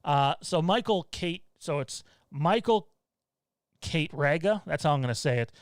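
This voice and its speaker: Blunt, rambling male stream host, swears freely, higher voice, dry room. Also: lively intonation, a little slow, smooth, no echo. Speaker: show host. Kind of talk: casual livestream chat. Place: at home.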